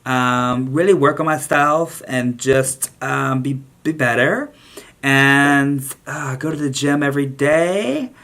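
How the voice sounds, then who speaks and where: A man voicing a ditzy Valley Girl woman, slow and airy, with a slightly raised pitch. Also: bright, forceful tone. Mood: dreamy. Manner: drawn-out, airy, dreamy delivery.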